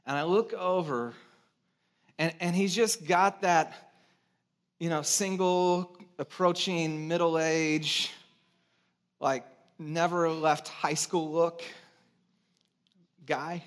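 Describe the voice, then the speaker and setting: A man's voice: on the high side, steady tone, slow, pauses often. A man in his thirties from California, preaching a sermon as a pastor in a conversational storytelling way with self-mocking humor.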